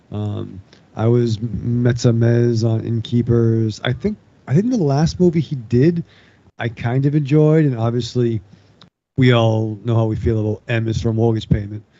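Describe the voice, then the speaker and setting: Gravelly-voiced man, lo-fi mic. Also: medium pitch, warm tone. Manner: halting, laughing, swears casually. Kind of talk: casual film discussion.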